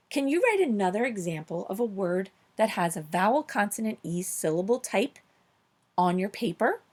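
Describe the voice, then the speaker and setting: A woman leads a recorded phonics lesson for young children. She sounds upbeat and encouraging, praising often and slowing down to stress each example word clearly. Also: mid-range voice, sing-song. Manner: upbeat, encouraging, slow clear emphasis on words. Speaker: teacher.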